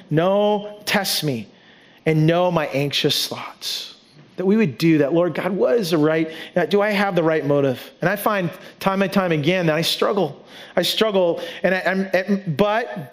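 A man preaching a sermon in an earnest way, repeating key lines for emphasis. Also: sits high. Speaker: pastor.

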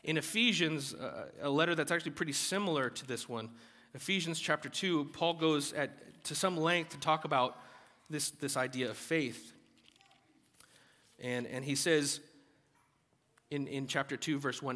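A man's voice: fairly high pitch, measured pace, bright, forceful tone, in a large hall. A pastor with a light Southern accent, preaching a sermon in an earnest way and building emphasis as he goes. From Alabama, US South.

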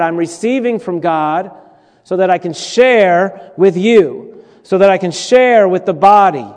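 A man's voice: high voice, a little mellow. A male pastor preaching a sermon in a conversational, humorous way, repeating his points and making asides to the congregation. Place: church sanctuary. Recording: long church reverb.

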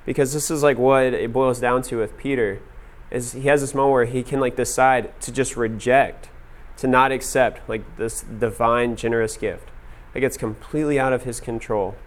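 A man giving a relaxed talk to a group, telling stories loosely and filling gaps with "like". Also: mid-range voice, normal speed, hardly any pauses. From United States. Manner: conversational, heavy use of "like". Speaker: speaker teaching a group. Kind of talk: casual sermon storytelling.

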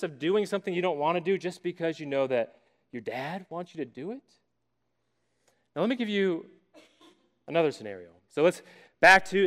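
A pastor delivers a sermon as animated storytelling, lingering on key words and pausing for dramatic effect. His voice sits a little higher than most men's, and a long reverb from a large hall trails after every phrase.

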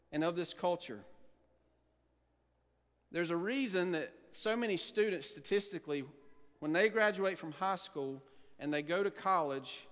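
High-voiced pastor preaching. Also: male voice, fairly bright tone. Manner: emphatic, asks the congregation rhetorical questions. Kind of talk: sermon. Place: church sanctuary. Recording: long hall reverb in a church.

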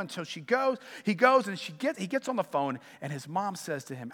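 A man with a high, bright voice delivers a sermon, telling stories with animated emphasis. His words ring out with a long reverb in a church sanctuary. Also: a little fast, few pauses. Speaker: pastor.

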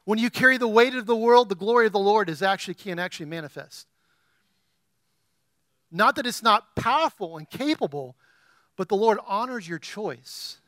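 Male pastor, high and bright voice, animated preaching that swells to loud emphasis, dry close sound. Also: normal speed, no echo. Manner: animated preaching, rising to loud emphatic peaks, asks the congregation questions. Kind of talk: sermon.

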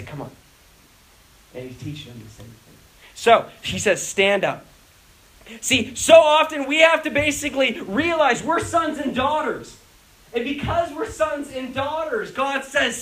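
A young man preaching a lively sermon as a youth pastor, acting out prayers and voices with laughter. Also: sits high, slight background noise, rough recording.

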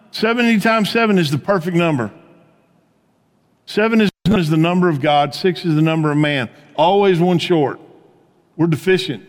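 A man preaching a sermon as pastor, telling stories in a conversational way and dropping to a hush on key points. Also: sits high, in a large hall. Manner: conversational storytelling preacher, swings from animated to hushed.

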